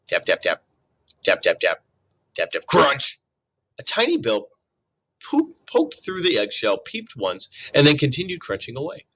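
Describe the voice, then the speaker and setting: Man reading a chapter book aloud, very lively pitch, bright tone, occasional self-corrections. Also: slightly rough, poor audio. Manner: expressive read-aloud with small slips and self-corrections. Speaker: storybook reader. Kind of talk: reading a children's novel aloud.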